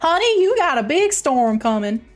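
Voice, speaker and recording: A woman's voice: high voice, big pitch swings, normal speed, soft background music. A woman voicing a chirpy Southern farm woman with a put-on Southern US drawl, folksy and giggly. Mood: folksy boasting.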